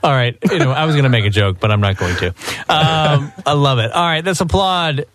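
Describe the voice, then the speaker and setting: A man co-hosting a casual radio talk show, chatty and quick to laugh. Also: a little high, very noisy. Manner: chatty, laughs easily, reads listener email aloud.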